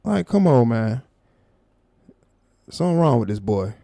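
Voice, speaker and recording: A man's voice: medium pitch, very animated, measured pace, gravelly, mellow, no room sound. A man hosting a live stream, confrontational and profane, calling someone out in a heated rant.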